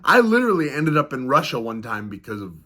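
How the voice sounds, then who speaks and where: A man's voice: medium pitch, very animated, fast talker, sharp tone. A man vlogging in a casual, rambling way, telling a story, chuckling often and repeating himself as he goes. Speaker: fighter vlogger. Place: on the road for a fight in the northeastern US.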